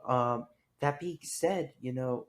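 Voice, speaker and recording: A man voicing a blunt female surf competition judge who talks in a halting, hesitant way. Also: medium pitch, close to an everyday voice. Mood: dismissive. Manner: hesitant, halting delivery with fillers. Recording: clear background music.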